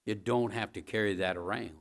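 A man preaching a sermon, addressing the congregation directly, repeating key phrases and building to loud, emphatic peaks. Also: fairly low pitch, fairly quick, creaky. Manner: talks straight to the congregation with asides like "all right?".

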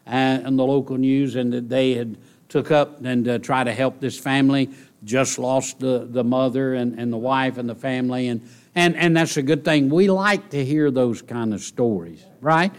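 Male preacher for a sermon, conversational asides, builds to emphatic peaks. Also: mid-range voice. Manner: earnest, builds from quiet musing to raised emphatic preaching; conversational asides, direct questions to the congregation.

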